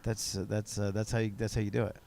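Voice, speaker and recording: A man hosting a casual podcast chat, telling stories quickly with lots of restarts and acted-out quotes. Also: fairly low pitch, flat delivery, vocal fry, warm tone. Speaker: podcast host. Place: convention event.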